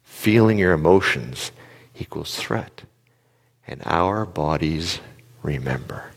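Man, low pitch, live talk to a crowd, lively storytelling, reverberant hall. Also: takes it slowly, gravelly. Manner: animated storytelling, direct questions to the audience. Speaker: speaker addressing an audience.

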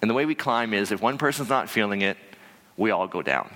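A man telling a personal story to an audience, animated and conversational, with many fillers and restarts. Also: lowish voice, fairly quick, in a large hall. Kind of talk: live storytelling talk.

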